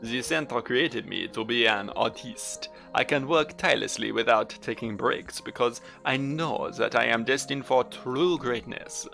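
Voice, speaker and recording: A man's voice: medium pitch, unhurried, creaky, hardly any pauses, bright, forceful tone, faint music behind. A man voicing a vain male artist with a mock French accent, boastful and grandiose.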